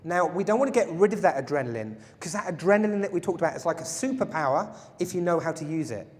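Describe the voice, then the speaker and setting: A man's voice: a little high, expressive, quick pace, darkish tone. A man teaching a self-defense workshop, playful and jokey, often asking the audience questions. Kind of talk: live workshop lecture to a group. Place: large hall with an audience. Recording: echoey hall.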